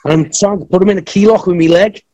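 A man spins a long story in a relaxed interview, his voice sitting a touch high for a man. He jumps into the voices of the people in his tale, then drops back to his easy storytelling tone. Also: fast. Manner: animated anecdotes, acts out others' lines. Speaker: podcast guest, wrestler. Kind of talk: casual storytelling.

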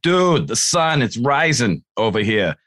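A man putting on a thick for a jokey, drawn-out boast. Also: medium pitch, very animated, fairly bright tone.

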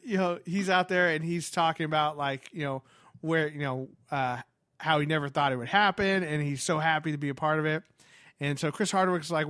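Man, casual storyteller, higher voice, animated and gushing, dry close sound. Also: no room sound. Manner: animated, fast with many fillers and restarts.

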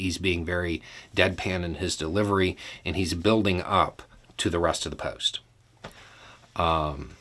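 Podcast host, male, low voice, slow, unhurried thinking-aloud delivery. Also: pushed and bright. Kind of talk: casual solo commentary.

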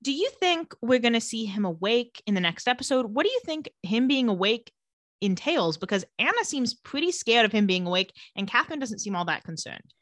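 A woman's voice: fairly high pitch, big pitch swings, brisk, fairly bright tone, no room sound, clean studio sound. A woman casually recapping and discussing a TV episode, retelling scenes and quoting characters. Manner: narrates scenes and quotes characters in a conversational tone. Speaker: podcast co-host recapping a TV show. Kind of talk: casual chat.

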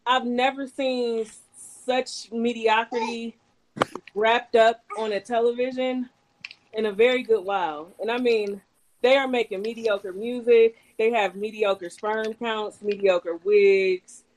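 A woman's voice: fairly high pitch, fairly even intonation, slow, low-quality recording. A woman co-hosting a casual podcast chat, sassy and dramatic. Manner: sassy, dramatic, sharp-tongued. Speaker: podcast co-host.

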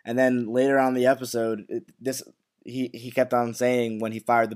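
A man's voice: medium pitch, level tone, fairly quick, darkish tone, smooth. Rambling casual male podcast co-host. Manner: loose, full of "like" and restarts. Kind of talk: casual recap chat.

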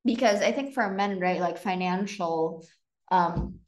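A woman's voice: fairly low pitch, unhurried, echoey room. A woman hosting a podcast, chatting frankly about relationships and using lots of fillers. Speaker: podcast host. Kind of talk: casual relationship chat.

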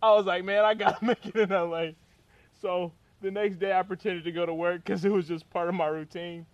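Young man, high-pitched, casual storyteller who laughs through his own anecdote. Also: fairly quick, lo-fi sound. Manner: animated, laughs through the telling. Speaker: storyteller guest.

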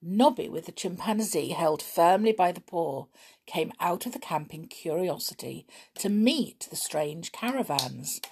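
A woman reading a children's book aloud in a lively way, giving the characters voices. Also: fairly low pitch, a little slow, vocal fry, husky. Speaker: storybook reader.

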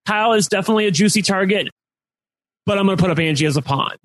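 A man's voice: sits high, racing, a bit bright, no room sound, poor audio. A man hosting a casual podcast discussion. He talks with upspeak and fills his talk with "like". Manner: upspeak, rising at sentence ends; chatty, leans on filler "like". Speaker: podcast host.

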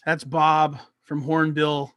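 A man's voice: fairly high pitch, monotone, slow pace, over music. A man hosting a podcast, chatting casually and joking in a laid-back way, often filling his speech with "like". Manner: laid-back, jokey, many fillers like "like". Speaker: podcast host.

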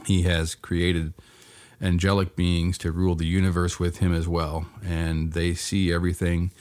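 Deep-voiced middle-aged man, earnest devotional teacher, measured delivery. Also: flat delivery, darkish tone. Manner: measured, earnest, slows to read Scripture aloud. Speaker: podcast host teaching on prayer.

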